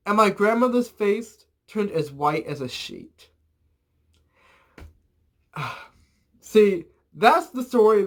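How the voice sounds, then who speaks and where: High-voiced young man rambling a story. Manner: rambling, filler-heavy, animated storytelling with swearing. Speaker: vlogger. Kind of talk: casual storytime vlog.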